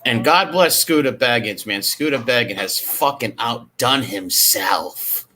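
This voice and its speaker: A man streaming, commenting on footage in a casual, excitable way and swearing freely. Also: mid-range voice, unhurried, a little hiss or hum.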